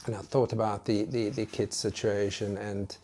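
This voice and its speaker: A British man recounts a personal story for a home video, in a casual and hesitant way. His voice sits slightly low, and he often trips over and repeats words before finding the thread. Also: flat delivery, very noisy. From United Kingdom. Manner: hesitant, halting, with many restarts. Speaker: vlogger.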